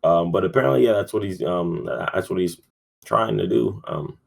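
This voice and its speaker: Low-voiced casual male podcast host. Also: animated, moderate pace, creaky. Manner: rambling, profane, lots of fillers. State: yawning, sleepy. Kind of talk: casual sports talk.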